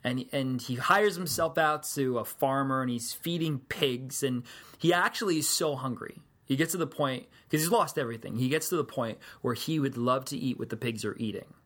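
A man's voice: medium pitch, normal speed, a bit bright. A man preaching a sermon, telling the story in a casual, conversational way with joking asides.

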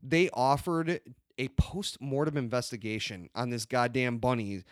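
A man co-hosting a comedy podcast, ranting loudly and swearing constantly. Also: mid-range voice, unhurried, dry recording, studio quality. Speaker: podcast co-host. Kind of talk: profane comedic podcast banter.

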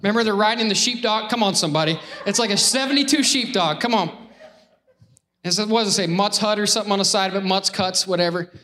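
A man preaching a lively Sunday sermon, joking and constantly urging the congregation to call back. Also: high voice, fast talker. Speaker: pastor.

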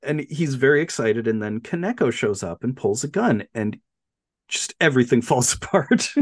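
A man's voice: mid-range voice, animated, normal speed, no room sound, studio quality. A man co-hosting a podcast, retelling a film plot in casual chat and acting out quotes in a raised voice. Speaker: podcast co-host.

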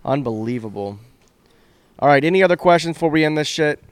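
A man's voice: on the high side, animated, quick pace, clear, resonant tone, no room sound. A tipsy man co-hosting a casual hockey podcast, blunt and full of swearing. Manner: profane, blunt. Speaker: podcast co-host. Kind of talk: drunk casual hockey chat.

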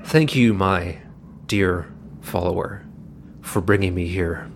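A man voicing a suave, courteous male fiend in a tabletop game, speaking in a lower, smooth, menacing tone. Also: slow, slight background noise.

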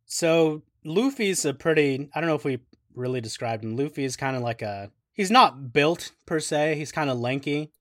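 A man's voice: fairly high pitch, expressive, normal speed, fairly bright tone, dry recording, clean studio sound. A man co-hosting a podcast, joking in a sarcastic, profane way. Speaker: podcast co-host. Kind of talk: casual podcast banter.

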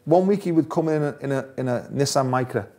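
A man's voice: mid-range voice, fast, dark tone. A man, a former footballer, telling stories in a casual interview, laughing often. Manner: chatty, laughs often, restarts phrases.

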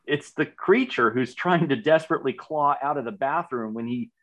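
A man's voice: medium pitch, moderate pace, a bit bright, highs cut off. A man co-hosting a podcast, chatting with enthusiasm about a TV series and often repeating words as he starts a thought. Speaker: podcast co-host. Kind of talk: casual chat reviewing a TV series.

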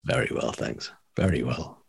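A man's voice: extremely low pitch, moderate pace, gravelly, slightly rough, no echo, studio quality. A man co-hosting a podcast in casual chat, rambling and self-mocking with a wry humor. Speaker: podcast co-host.

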